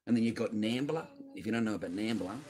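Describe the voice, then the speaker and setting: Low-voiced man ranting angrily. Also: fast talker, warm tone. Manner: angry, profane, rambling rant. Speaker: channel host. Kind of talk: livestream rant.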